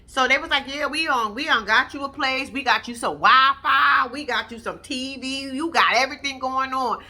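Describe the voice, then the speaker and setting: A woman with a bright, forceful voice pitched a touch high runs through a reality TV episode in a casual recap. She is sassy and blunt, talks right to her viewers, and swoops way up when something excites her. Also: normal speed.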